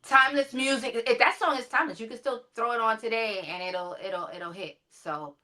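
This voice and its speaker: A woman hosting a casual interview, enthusiastic and quick with affirmations. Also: on the high side, pushed and bright, slight background noise. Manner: enthusiastic, reacts with frequent affirmations. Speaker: podcast host.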